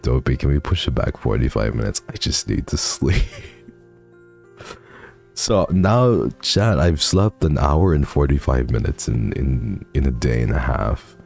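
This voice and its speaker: Streaming from home, a man with an extremely low, gravelly, darkish voice chats casually, reads donations and thanks his viewers. He sounds sleepy and swears freely.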